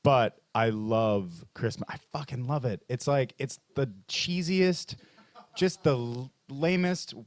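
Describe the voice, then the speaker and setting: A man hosting a bar comedy open mic, rambling through a stand-up bit with lots of fillers and restarts, jumping into mock voices for the punchlines. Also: slow. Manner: jumps into high mock voices and low pompous voices for bits.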